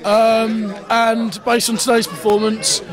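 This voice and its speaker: A man's voice: sits high, little pitch movement, slow. A man talking as a football fan, upbeat and laughing. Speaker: fan being interviewed. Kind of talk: casual chat. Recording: noisy street crowd outdoors. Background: football crowd chatter.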